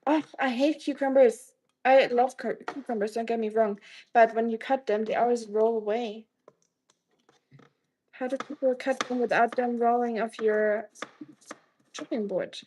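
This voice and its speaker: A woman's voice: fairly high pitch, fairly even intonation, measured pace, pauses often, mellow, a little hiss or hum, rough recording. Chatty woman streamer cooking in kitchen. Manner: chatty, greets viewers by name, teasing jokes. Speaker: live streamer. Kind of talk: casual live-stream chat while cooking. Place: home kitchen.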